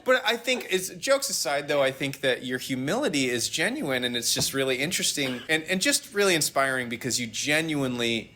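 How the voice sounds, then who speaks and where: A man's voice: medium pitch, big pitch swings, a little fast, hardly any pauses, sharp tone. A young man hosting a podcast, chatting casually and animatedly with guests, laughing easily. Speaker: podcast host. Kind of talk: casual interview chat.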